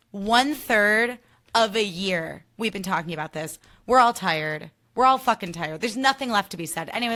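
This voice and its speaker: Bright-voiced chatty young woman. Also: mid-range voice. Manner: chatty, sarcastic, swears freely, acts out quotes. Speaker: podcast host. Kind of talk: casual reality TV recap.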